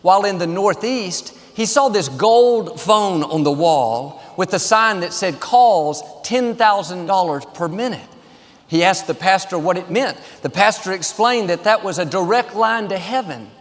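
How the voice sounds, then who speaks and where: Man, pastor, upbeat joke-telling, fairly high voice, long hall reverb. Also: lively intonation, normal speed. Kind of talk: sermon opening joke. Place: large church auditorium.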